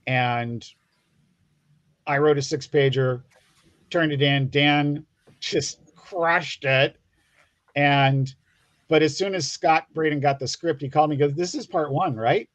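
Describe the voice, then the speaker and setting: A man's voice: on the high side, steady tone, slow, long pauses, dry recording. A man, a comic book writer, chatting on a video-call livestream, rambling with lots of restarts and fillers. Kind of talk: casual chat on a livestream.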